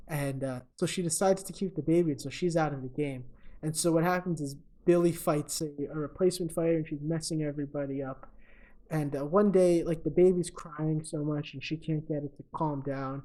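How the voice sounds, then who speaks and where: A man's voice: on the high side, steady tone, fairly quick, dark tone. A young man co-hosting a podcast, casually retelling a movie's plot with lots of ums and uhs and chuckling at his own jokes. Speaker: podcast co-host. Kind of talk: casual comedic movie recap.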